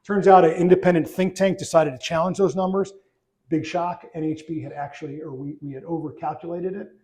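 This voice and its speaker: A middle-aged man, a trade association chief, speaking at a luncheon in a relaxed conversational way with frequent restarts and fillers. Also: fairly high pitch, fairly quick. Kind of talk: luncheon speech. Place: banquet room.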